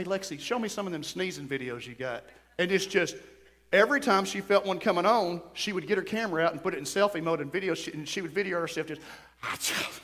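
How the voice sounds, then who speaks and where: Middle-aged male pastor with a high voice, animated storyteller, preaching in a church with long reverb. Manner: animated storytelling with sudden bursts and drops. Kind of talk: sermon. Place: church sanctuary.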